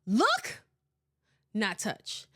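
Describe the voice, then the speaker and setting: A young woman hosting a casual podcast, playful and animated, laughing often as she reads live comments. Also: medium pitch, very slow. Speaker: podcast host.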